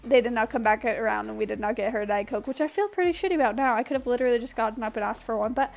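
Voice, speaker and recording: A woman's voice: on the high side, rapid-fire, gravelly, faint music behind. A young woman vlogger casually telling a funny personal story, chatty and loose, full of "like" and "dude". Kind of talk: storytime vlog.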